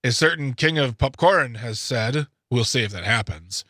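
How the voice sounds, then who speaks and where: Emphatic, bright-voiced male radio co-host. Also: mid-range voice, lively intonation, moderate pace, husky, no room sound, studio quality. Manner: opinionated, emphatic, rambling. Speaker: radio talk show co-host. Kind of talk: radio talk show discussion.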